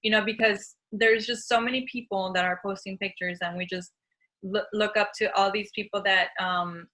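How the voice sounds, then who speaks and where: A young woman hosts a relaxed talk show chat in a bright, forceful voice. She muses out loud and searches for her words as she goes. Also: mid-range voice, moderate pace, rough recording. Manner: reflective, thinking aloud with fillers. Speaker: host. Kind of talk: casual conversation.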